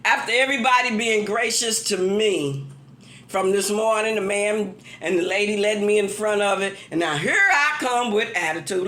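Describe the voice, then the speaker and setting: A woman's voice: medium pitch, moderate pace, reverberant. A woman telling a story to her viewers, exasperated and laughing as she vents. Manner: animated, exasperated, laughing while venting. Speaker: vlogger. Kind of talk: casual storytelling rant.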